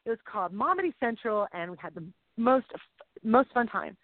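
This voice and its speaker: A very animated middle-aged woman co-hosts a faith-based chat show, rambling emotionally with playful sound effects. Her voice is a little high and brisk, recorded dry and tinny like a phone with no echo.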